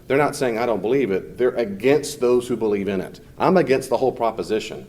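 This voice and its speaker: A man's voice: mid-range voice, fairly quick, darkish tone. A man teaching a class in a conversational, off-the-cuff way, fielding questions from students and often mimicking people in short quoted voices.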